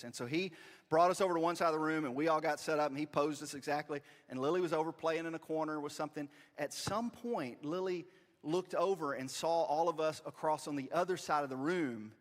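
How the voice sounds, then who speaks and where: Male pastor, fairly high voice, lively storytelling, long church reverb. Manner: animated, self-deprecating, quotes family in voices. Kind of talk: storytelling sermon. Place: church sanctuary.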